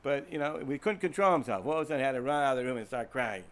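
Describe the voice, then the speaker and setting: A man's voice: medium pitch, expressive, very fast, a little hiss or hum. Rambling American man teaching a class. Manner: rambling, repeats words, asks students questions. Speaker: Torah teacher. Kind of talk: informal classroom lecture.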